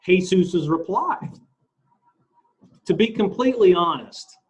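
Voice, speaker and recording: A man co-hosts a relaxed talk show and reads a transcript aloud word by word. His voice sits a little high and moves through a lively range. The audio sounds a bit muffled. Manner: slow, deliberate reading. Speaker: podcast co-host. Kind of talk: casual chat, reading a transcript aloud.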